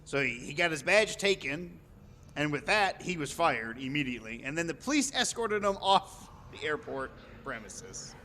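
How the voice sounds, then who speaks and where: Man, casual storyteller, crisp and bright tone, slightly high voice, swears freely, long reverb, faint background noise. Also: big pitch swings, normal speed. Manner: chatty, swears freely, acts out quoted lines. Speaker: live streamer.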